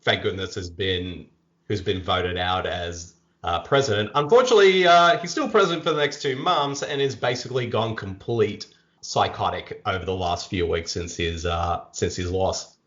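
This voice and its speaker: A man's voice: sits low, moderate pace, fairly bright tone, dull audio. Upbeat Australian man hosting a podcast. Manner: upbeat, chatty, frequent restarts and fillers. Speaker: podcast host. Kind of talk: casual podcast chat.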